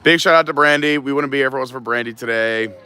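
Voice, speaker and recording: A man's voice: mid-range voice, fast talker, sharp tone, clean tone. A man hosting a live stream, chatting casually and greeting viewers while filming on a gimbal. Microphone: gimbal camera.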